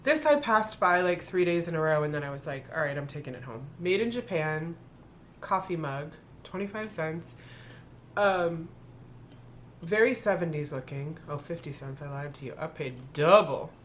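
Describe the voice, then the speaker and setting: Chatty woman vlogger, low voice. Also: expressive, normal speed, slight background noise. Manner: chatty, thinking aloud, self-correcting. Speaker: thrift reseller vlogger. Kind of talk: casual haul video talk.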